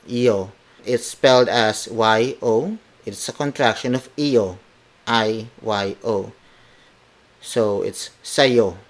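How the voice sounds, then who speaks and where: A man leads a podcast language lesson at an unhurried pace, taking his time over each word. He spells terms out letter by letter and says every phrase again and again so a listener can follow, with a voice sitting at an ordinary middle pitch. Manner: slow, patient spelling out of words letter by letter; repeats each phrase several times. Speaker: language teacher.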